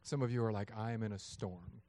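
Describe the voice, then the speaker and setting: A man in his thirties preaching a sermon, lively and acting out voices of God and people in his story. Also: fairly low pitch, fairly quick. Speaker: pastor.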